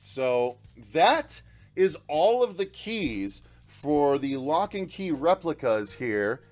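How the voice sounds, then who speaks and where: A man hosting a casual unboxing vlog, excitable and gushing, often stumbling over his words. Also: on the high side, slow pace. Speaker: channel host.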